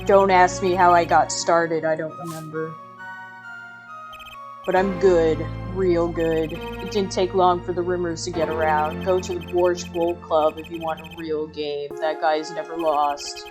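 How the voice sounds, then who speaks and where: A woman's voice: low voice, flat delivery, a little slow. A woman voicing a laid-back male piano player in a fan-voiced game playthrough.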